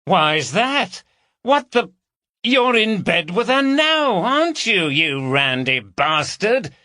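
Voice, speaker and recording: A man's voice: high-pitched, big pitch swings, slow pace, pushed and bright, no echo, pitched above the performer's own voice, exaggerated voice. A man voicing a raucous, cheeky lad from London, full of banter. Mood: teasing.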